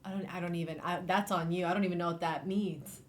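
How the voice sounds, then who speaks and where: A woman's voice: lowish voice, steady tone, quick pace. A woman co-hosting a book club livestream, chatting casually, laughing a lot and swearing freely. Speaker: streamer, book club co-host.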